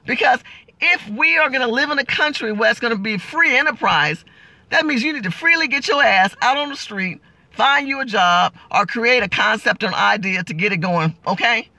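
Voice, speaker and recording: A woman's voice: fairly high pitch, animated, moderate pace, sharp tone, dry recording. Middle-aged woman, political vlog rant, blunt, fiery, cursing, rhetorical questions, dry close recording. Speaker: political commentator.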